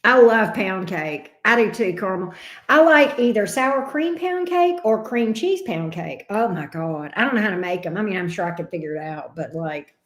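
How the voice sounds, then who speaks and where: A woman's voice: medium pitch, expressive, normal speed. A woman hosting a casual livestream chat, answering viewers by name. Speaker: tarot reader hosting a livestream.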